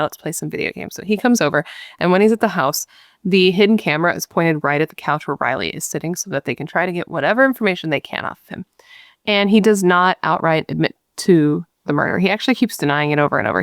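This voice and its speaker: A woman with a fairly low voice tells a true crime case in a loose, chatty way. She is blunt and swears freely, and her voice sits dry and close to the mic with no room sound. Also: no room sound. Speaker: true crime podcast host. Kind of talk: casual true crime storytelling.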